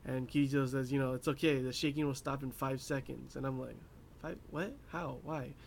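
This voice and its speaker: A man's voice: mid-range voice, flat delivery, fast, vocal fry, a little hiss or hum. A young man casually recapping an anime episode, rambling with lots of fillers and laughing at his own asides. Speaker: anime reviewer.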